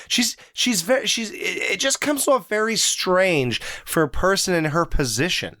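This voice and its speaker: A man co-hosting a casual movie review podcast, animated and acting out lines from the film. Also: high-pitched, normal speed, few pauses, no echo, clean studio sound. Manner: animated, acts out movie lines in quoted voices. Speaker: podcast co-host.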